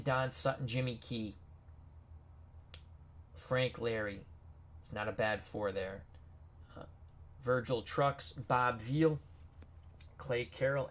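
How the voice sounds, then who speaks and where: A man hosting a gaming video, reading player names off team rosters with casual asides and reactions. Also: medium pitch. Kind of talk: casual game commentary.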